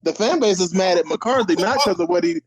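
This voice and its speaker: A man chatting as a panelist on a sports podcast, easygoing and animated. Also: high voice, brisk, breathy edge, no echo. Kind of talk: casual sports banter.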